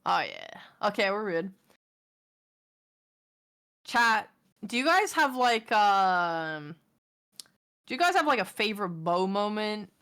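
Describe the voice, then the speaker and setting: A woman talking to her stream chat from home, her pitch swinging widely as she speaks. She is expressive and ranting, with plenty of casual swearing. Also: slow, pauses often, clear, resonant tone.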